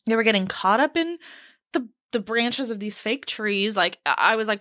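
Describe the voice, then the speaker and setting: A young woman chats her way through a solo podcast episode in a small home studio. She is lively and animated, and her voice swoops up high whenever she quotes someone. The close mic sound is dry, with no room echo. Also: moderate pace. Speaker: podcast host. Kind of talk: casual solo podcast chat.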